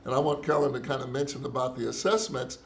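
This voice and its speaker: A man's voice: medium pitch, steady tone, fast. Teasing middle-aged man bishop. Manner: teasing, preachy asides. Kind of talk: casual chat.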